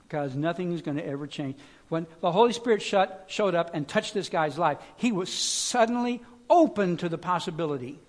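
A man delivers a sermon in a loose, conversational way, full of fillers and restarts. His voice sits a little higher than most men's. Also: animated, normal speed. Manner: conversational preaching with fillers and repetitions. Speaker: pastor.

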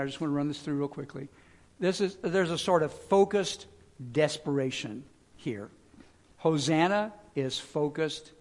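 High-voiced pastor preaching with swings in volume. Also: male voice. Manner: swings from loud pleading to quiet, low-voiced emphasis; conversational, with fillers and restarts. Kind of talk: sermon.

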